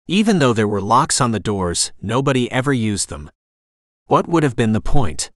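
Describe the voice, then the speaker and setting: A man narrating a novel in an audiobook. His reading is measured and steady, at a middle pitch. The recording is dry and close, with no room echo. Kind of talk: scripted narration.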